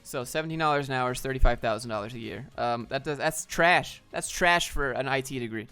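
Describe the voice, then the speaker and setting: A man's voice: mid-range voice, fairly quick, sharp tone, clear, resonant tone, faint music behind. A young man on a livestream who reads viewer questions aloud and answers them bluntly in a laid-back, casual way. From Georgia, US. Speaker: streamer answering chat.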